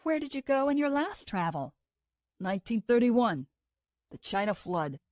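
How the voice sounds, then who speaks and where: A woman with a highish, very animated voice speaks at normal speed, a little mellow, pitched above her natural voice, in a studio-quality recording with no room sound. She voices the lines of an intense, troubled man, a time traveler who speaks in an earnest, brooding way.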